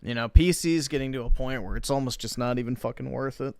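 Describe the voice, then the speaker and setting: A man's voice: mid-range voice, quick pace, vocal fry, a little mellow, clear, resonant tone, no room sound. A man chatting casually on a stream, giving blunt, matter-of-fact opinions with some swearing. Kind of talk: casual chat.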